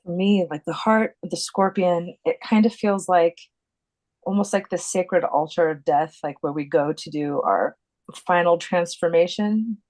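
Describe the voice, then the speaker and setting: A woman's voice: on the low side, measured pace, darkish tone, low-quality recording. Musing woman podcast co-host. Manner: musing, searching for words with fillers. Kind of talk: casual podcast chat.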